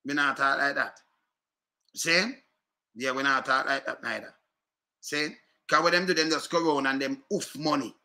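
A man's voice: medium pitch, steady tone, normal speed, long pauses, sharp tone. A man with a Jamaican accent ranting to his viewers, repeating himself and firing rhetorical questions. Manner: repetitive, fired-up, rhetorical questions. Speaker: commentator. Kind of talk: casual rant to viewers.

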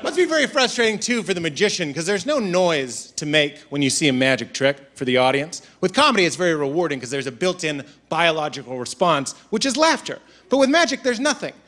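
Animated high-voiced stand-up comic. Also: male voice, fairly quick, few pauses. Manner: animated, mocking, acts out characters. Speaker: stand-up comedian. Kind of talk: stand-up routine. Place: comedy stage before an audience. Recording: live stage set with loud crowd laughter.

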